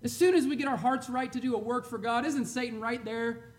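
A man preaching a sermon to his church, fervent and emphatic, swinging from loud to quiet and chuckling between points. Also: very high voice, fairly even intonation, fairly quick. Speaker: pastor.

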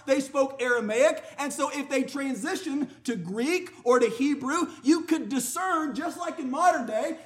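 A man preaching a sermon, emphatic and conversational, rising to loud declarations and dropping to quiet asides. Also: extremely high pitch. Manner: conversational, personal storytelling.

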